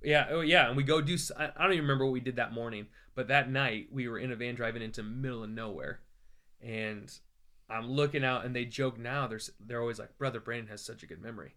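American male evangelist, guest storyteller, bright tone, animated and humorous. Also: mid-range voice, fast talker. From United States. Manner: animated, joking, acts out quoted voices. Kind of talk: conversational storytelling.

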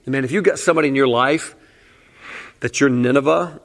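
A man's voice: medium pitch, brisk. A man preaching a conversational sermon in a candid, casual way, often saying "man" and breaking into short laughs. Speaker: pastor.

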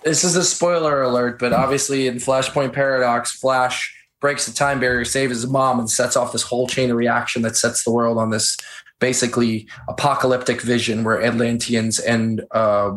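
A man's voice: medium pitch, moderate pace. A man co-hosting a casual film chat, retelling scenes with feeling and getting choked up. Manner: animated storytelling, gets choked up. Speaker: podcast co-host. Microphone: on camera.

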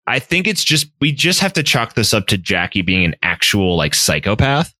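A man recaps a novel on his podcast in loose, casual chat, peppered with "like" and the odd curse. His voice is bright and forceful, recorded close and dry. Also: lowish voice, big pitch swings, normal speed, no echo. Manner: casual, full of "like" and swearing. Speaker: podcast co-host.

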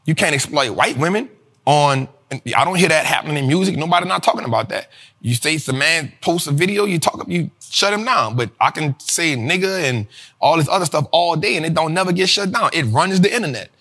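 A man hosting his own show, talking casually to viewers about money and investing, animated and profane, often laughing and addressing them as "y'all". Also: fairly high pitch, fairly quick. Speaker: show host.

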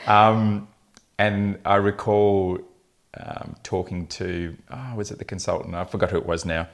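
A man's voice: low-pitched, fairly even intonation, unhurried, creaky. A man, a fertility specialist telling blunt, funny patient stories in a casual podcast chat. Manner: anecdotal, laughing often, blunt humour.

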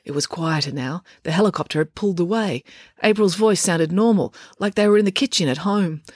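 A woman, narrating a children's audiobook in an expressive storytelling manner. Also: on the low side, a little fast, dry recording, studio quality. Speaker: author and narrator.

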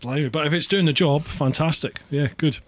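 A man's voice: a little high, fairly quick. A Scottish man hosting a casual chat over a call, chatty and self-deprecating, laughing often. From Scotland. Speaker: podcast host.

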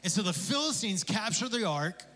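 A man preaching a sermon as pastor, conversational and animated, with casual asides and jokes. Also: high voice, normal speed. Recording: long hall reverb.

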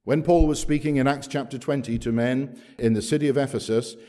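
A man preaching a gospel sermon, telling stories emphatically with big swings between loud and soft. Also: mid-range voice, steady tone, brisk. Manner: storytelling, emphatic with wide swings in loudness.

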